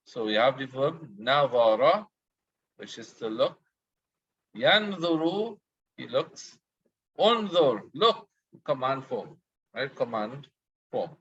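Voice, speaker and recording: A man's voice: mid-range voice, very animated, slow pace, long pauses, fairly bright tone, husky, muffled recording. A man teaching an Arabic lesson, patiently translating and explaining a dialogue word by word.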